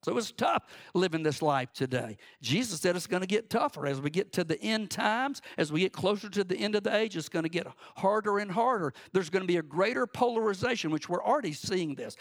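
High-voiced impassioned preacher. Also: male voice, animated, brisk, few pauses. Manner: impassioned, rising and falling preaching cadence. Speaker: pastor. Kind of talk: sermon.

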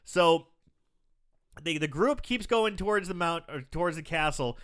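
A man hosting a casual film-chat podcast who retells scenes in an animated, profane way and often laughs. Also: fairly high pitch, a little slow. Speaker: podcast host.

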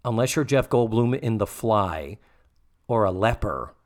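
A man co-hosting a podcast, recapping a TV episode with sarcastic, animated storytelling. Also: fairly low pitch, unhurried. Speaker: podcast co-host. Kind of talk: casual show recap.

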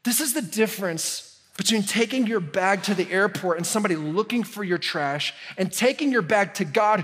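A male pastor preaching a sermon in an earnest, conversational way that drops to hushed intensity. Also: high voice, lively intonation, moderate pace, slightly rough.

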